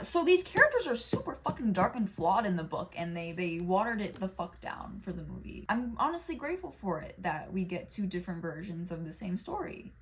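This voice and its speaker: A woman talking casually to camera, rambling through asides and swearing freely. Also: medium pitch. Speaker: video creator. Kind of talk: casual vlog analysis.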